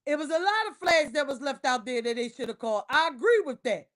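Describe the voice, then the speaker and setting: A woman ranting about her football team on a casual livestream, heated and emphatic, repeating herself and breaking into loud outbursts. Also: sits high, animated, quick pace. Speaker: livestream host. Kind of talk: casual sports rant on a livestream.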